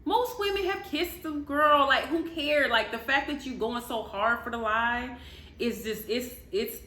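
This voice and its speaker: A woman giving animated, casual gossip commentary to her viewers, laughing often and talking to them directly. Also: high voice, unhurried, echoey room. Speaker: commentary vlogger.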